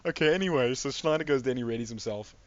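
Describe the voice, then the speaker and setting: A man's voice: medium pitch, fast, no echo, dull audio. A man running a sci-fi tabletop game as game master over voice chat, often laughing and stumbling over repeated words.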